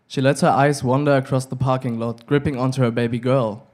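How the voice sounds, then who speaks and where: Young male reader, relaxed narration, average pitch. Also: a little fast, few pauses. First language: German. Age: young adult. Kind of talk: literary reading. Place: live reading event.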